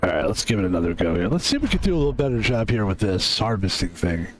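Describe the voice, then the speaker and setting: A man's voice: on the low side, very animated, quick pace, faint music behind. A man streaming a video game, chatting in a loose, joking way and swearing freely. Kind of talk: casual gameplay commentary.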